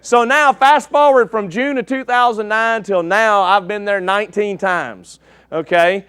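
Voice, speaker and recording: Man, preacher, folksy, jokes with the crowd, high voice, dry sound. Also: steady tone, a little slow, a bit bright, clear, resonant tone, no room sound. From East Texas. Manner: folksy and joking, checks in with "okay?". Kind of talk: sermon with a slide show. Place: church.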